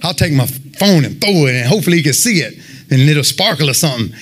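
A man giving a fervent sermon and personal testimony, telling his story in an animated way and peppering it with "man.". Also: on the high side, quick pace, slightly rough. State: sweating, winded after worship. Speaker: lay preacher giving testimony.

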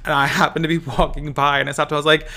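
A man's voice: on the high side, flat delivery, rapid-fire, pushed and bright. Chatty, profane man recapping a show. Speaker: podcast host. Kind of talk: casual recap chat.

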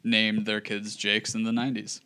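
A man's voice: on the low side, monotone, normal speed, pushed and bright. A young man from Wisconsin telling stories in casual chat, rambling with lots of fillers. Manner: rambling, filler-heavy storytelling. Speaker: church staff member.

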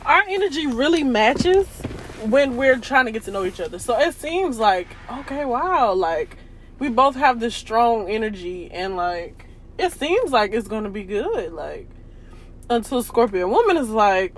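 With a voice on the high side, this young podcast host is very animated as she chats casually at a normal speed, slangy and full of laughter. There's a little hiss or hum in the recording.

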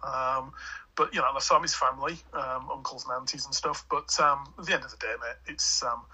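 A man's voice: medium pitch, steady tone, brisk, pushed and bright, breathy edge, low-quality recording. A man in his forties from Hull with an English Hull accent, a podcast guest chatting casually and rambling with lots of fillers and restarts. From England (Hull). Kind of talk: casual chat.

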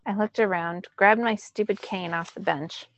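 A woman teacher reading a novel aloud in first-person narration, with lively emphasis. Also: mid-range voice, moderate pace.

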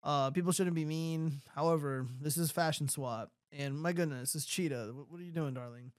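A male podcast host with a somewhat high voice, talking in loose, crude, mocking banter. The sound is dry and close, with no room around it. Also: moderate pace, clean tone, no echo. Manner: crude, mocking, reads comments aloud. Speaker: show host. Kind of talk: casual comedic podcast banter.

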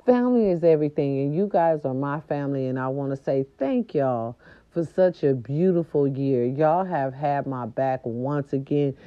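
A woman's voice: very deep voice, moderate pace, dull audio. A woman hosting a podcast in casual holiday chat, sassy and playful, who breaks into little growls. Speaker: podcast host.

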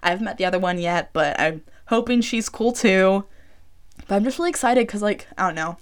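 A woman's voice: mid-range voice, fairly quick. A woman of about twenty hosting her own podcast, chatting casually and rambling with lots of "like.". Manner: chatty, rambling, heavy use of "like". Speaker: podcast host. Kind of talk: casual solo podcast chat. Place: small room she records in.

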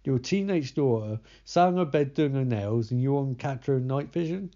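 Young man, mellow voice, sardonic movie recapper who curses freely; slightly muffled lo-fi recording. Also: medium pitch, expressive, moderate pace. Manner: sarcastic, swears often, loses track of names. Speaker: movie commentator.

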